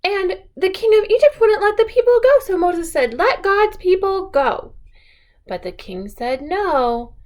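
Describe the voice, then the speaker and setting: A woman telling picture-book stories to a young child in an animated, coaxing sing-song, often pausing to ask questions. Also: very high voice. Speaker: children's storyteller.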